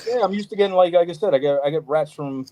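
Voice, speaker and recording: A man's voice: fairly high pitch, quick pace, dark tone, a little hiss or hum, rough recording. A man hosting a casual podcast, telling loose, profane stories and acting out little voices. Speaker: podcast host, reptile breeder.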